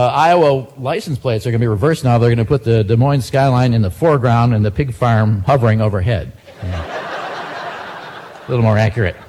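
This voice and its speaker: A comedian performs a stand-up monologue of joke news headlines, dry and self-mocking between punchlines. His mid-range voice has a darkish tone, with slight background noise.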